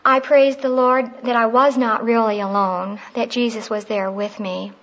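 A middle-aged woman speaks in a fairly high voice, teaching on prayer. She tells personal stories in a heartfelt, conversational way. The recording sounds dull and lo-fi. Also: steady tone, moderate pace.

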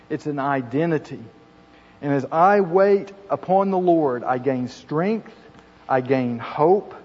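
A man's voice: fairly high pitch, darkish tone, husky. A middle-aged man preaching a sermon, earnest and building to emphatic, repeated phrases. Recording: muffled hall recording with long reverb.

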